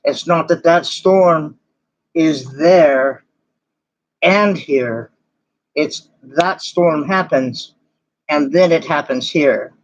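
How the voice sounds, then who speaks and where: A man's voice: a little high, drawn-out words, pauses often. A man voicing a talkative stranger who warns castaways at a campfire and rambles through his explanations. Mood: explaining. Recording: dull lo-fi recording.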